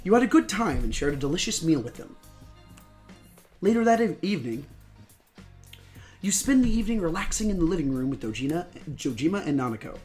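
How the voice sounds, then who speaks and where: A hoarse man with a lost voice, narrating a game and bantering playfully with lots of giggles. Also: a little high, big pitch swings, fairly quick, pauses often, a little mellow, soft background music. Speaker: let's play host and narrator. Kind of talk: casual game reading with banter.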